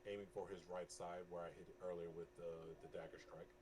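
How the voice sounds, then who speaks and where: A man playing a tabletop game who talks in a hesitant, halting way. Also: low voice, flat delivery. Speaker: player. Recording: noisy background.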